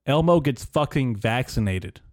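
Unhurried but with lively intonation, a young man's mid-range voice carries a casual, rambling, sarcastic and profane podcast rant that he hosts himself. He's close to a studio microphone, and there's no room sound.

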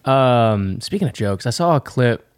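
A man's voice: mid-range voice, expressive, moderate pace, clear, resonant tone, no room sound. Laid-back rambling man on a podcast. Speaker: podcast co-host. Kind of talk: casual podcast chat.

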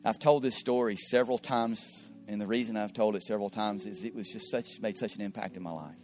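Earnest preacher man over soft guitar. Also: fairly low pitch, steady tone, brisk. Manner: earnest, repeats words, soft asides. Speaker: pastor. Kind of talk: sermon storytelling. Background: faint guitar music.

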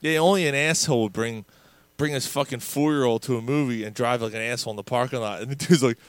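A man's voice: medium pitch, fast talker, clear, resonant tone, no room sound. A man casually telling a profane story as co-host, acting out what others said along the way. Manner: animated storyteller, acts out quotes, profane. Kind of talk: casual crude bar chat.

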